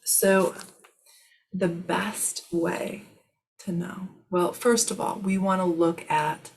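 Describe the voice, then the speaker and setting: A woman hosting a live spiritual question-and-answer session, speaking in a soothing, reassuring way that often sinks to a soft whisper. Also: fairly low pitch, steady tone, takes it slowly, vocal fry, slight background noise.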